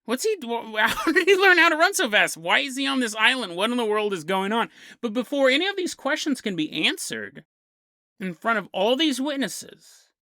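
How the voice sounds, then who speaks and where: A man's voice: extremely high pitch, sing-song, moderate pace, pushed and bright, no room sound, clean studio sound. A man hosting a podcast, telling a strange story with a comedic bent and chuckling through his jokey asides. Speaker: podcast host.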